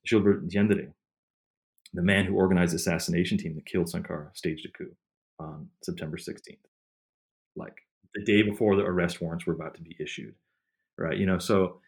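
A man's voice: sits low, fairly even intonation, fairly quick, gravelly, long pauses, darkish tone. A man answering interview questions as a historian guest, rambling through stories with many fillers and restarts.

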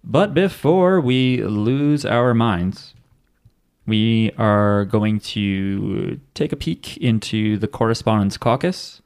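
A man's voice: lowish voice, animated, takes it slowly, darkish tone, clear, resonant tone. A man hosting a podcast, chatting casually and rambling with restarts. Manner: rambling, self-interrupting. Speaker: podcast host. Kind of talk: casual chat.

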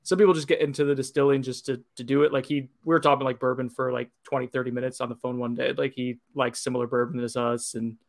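A man's voice: medium pitch, little pitch movement, fast talker, gravelly, few pauses. A man co-hosting a whiskey podcast, chatting casually and rambling with lots of "like" fillers. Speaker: podcast co-host. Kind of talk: casual chat, whiskey tasting.

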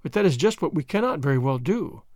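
A shrewd middle-aged French spy, quiet and sarcastic, who flatters with mock gallantry, as a male narrator plays him. The delivery stays smooth and close, with a lively, rather high voice. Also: quick pace, no echo. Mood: sly, sarcastic.

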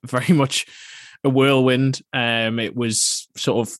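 A man's voice: medium pitch, level tone, slow pace, a bit bright, no room sound. Male journalist co-host, self-deprecating storyteller, dry recording. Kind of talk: casual podcast chat.

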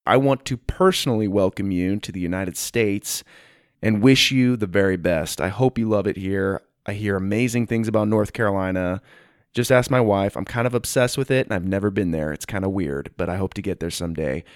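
A man's voice: on the low side, fairly quick, no echo, clean studio sound. A man hosting and narrating a children's story podcast, upbeat and friendly. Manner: upbeat and friendly, shouting out listeners.

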